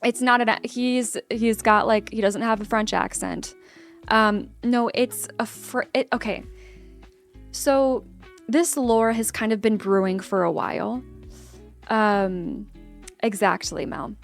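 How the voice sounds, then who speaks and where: A woman's voice: a little high, fairly even intonation, slow, gravelly. A young adult woman streamer chatting casually with her live chat, rambling and cutting herself off mid-sentence. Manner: rambling, self-interrupting, chatty. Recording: faint guitar music behind. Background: faint guitar music.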